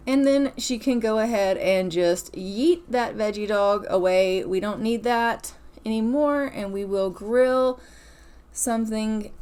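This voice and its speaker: A woman's medium-pitched, slightly mellow voice narrates life-simulation gameplay for her gaming channel, casual and chatty, playful, with the odd laugh.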